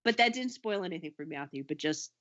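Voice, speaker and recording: Animated woman in casual film chat. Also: quick pace, lo-fi sound, background noise. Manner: animated, acts out quotes with big pitch jumps.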